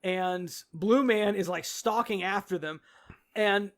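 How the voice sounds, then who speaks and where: A man co-hosting a podcast, casually retelling a film's plot with lively quotes and frequent laughs. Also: sits high, slow pace. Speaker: podcast co-host. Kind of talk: casual movie recap chat.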